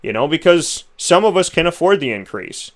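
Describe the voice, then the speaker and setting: A man's voice: fairly high pitch, very animated, moderate pace. A male show host giving conversational opinion commentary, rambling and frustrated, and asking rhetorical questions.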